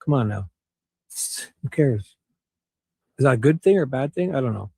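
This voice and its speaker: A man on a livestream, talking in a soothing, coaxing, laid-back way to calm his friend. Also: medium pitch, moderate pace, vocal fry, breathy edge, no echo.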